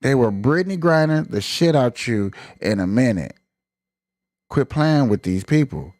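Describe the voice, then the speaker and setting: A man's voice: medium pitch, big pitch swings, measured pace, a little mellow, no echo, studio quality. A man hosting a live stream, ranting in emphatic, colloquial casual commentary.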